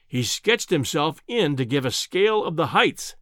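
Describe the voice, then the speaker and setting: A man's voice: sing-song, normal speed, a bit bright, no room sound, studio quality. A man voicing a scornful, overbearing male professor of science in a storybook reading. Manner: booming, overbearing, mocking.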